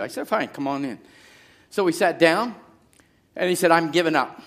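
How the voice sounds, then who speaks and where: A middle-aged pastor preaching a sermon, moving from quiet storytelling to shouted exhortation. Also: male voice, fairly high pitch, expressive, brisk, long pauses.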